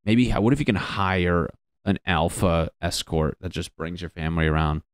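A man's voice: sits low, steady tone, normal speed, smooth, dry recording, studio quality. A man from Connecticut hosting a solo comedy podcast, riffing in a profane, self-mocking way. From Connecticut, USA. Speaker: podcast host.

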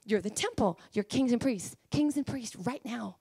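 Emphatic woman preacher, high-pitched. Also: expressive, moderate pace, few pauses, darkish tone. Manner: emphatic and pleading, rising to high fervent cries. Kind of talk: sermon.

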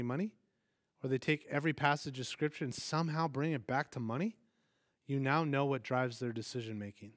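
A man giving a conversational sermon as pastor, animated and putting questions to his congregation, acting out quoted voices. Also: a little high, no echo, clean studio sound.

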